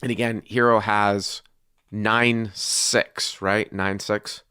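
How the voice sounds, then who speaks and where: A man's voice: lowish voice, little pitch movement, slow pace, pushed and bright, smooth, no echo. A male podcast host talking through a poker hand, methodically restating each bet and action. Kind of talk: casual poker discussion.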